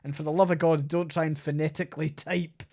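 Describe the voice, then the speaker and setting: A Scottish man with a slightly high voice co-hosts a podcast in loose, rambling conversation. He drifts through his points with plenty of "like" and the odd casual swear word. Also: little pitch movement, brisk, a little mellow. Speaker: podcast co-host.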